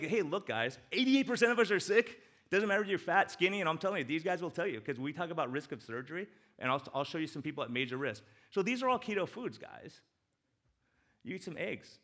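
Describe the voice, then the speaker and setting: Male doctor speaking at a men's breakfast; crisp, bright tone; animated and jokey, drops soft when moved. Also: on the high side. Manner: animated and joking, swings between loud excitement and soft emotion. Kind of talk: casual talk with slides. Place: church hall.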